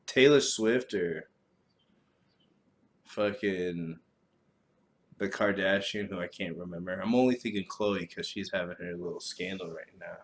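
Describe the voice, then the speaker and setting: A man hosting a solo podcast, talking casually in a profane, rambling, animated way. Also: deep voice, unhurried, long pauses. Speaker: podcast host.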